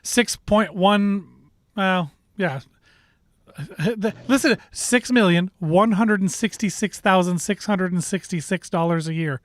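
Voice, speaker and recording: A man's voice: high voice, measured pace, no echo, studio quality. A man with a Canadian accent co-hosting a sports show, talking casually and rambling with restarts and strong opinions.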